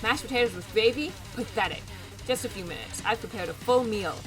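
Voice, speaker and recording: A woman's voice: on the high side, brisk, over music, close to an everyday voice, rough recording. A woman voicing an arrogant young male student chef who sneers at others' cooking. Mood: haughty.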